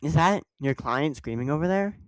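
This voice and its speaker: A game player voicing a composed female senior lawyer who speaks calmly and encouragingly. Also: medium pitch, moderate pace, dry recording, close to an everyday voice, poor audio.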